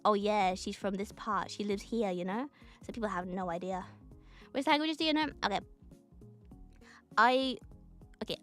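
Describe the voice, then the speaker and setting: A woman's voice: medium pitch, clean tone. A young woman streamer with a neutral British accent, chatting casually and rambling while she draws, often giggling and swearing offhand.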